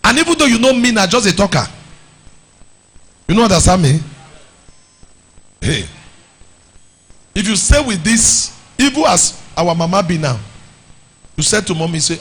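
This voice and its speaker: A man with a Nigerian accent preaching to a youth meeting, animated, slipping into pidgin and shouting or sing-song lines. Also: sits high, normal speed, pauses often, breathy edge.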